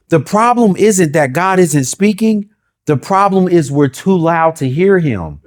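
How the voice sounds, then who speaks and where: A pastor delivers a sermon built on rhythmic, repeated phrases and rhetorical questions. Whenever he quotes God, his voice drops to a low hush.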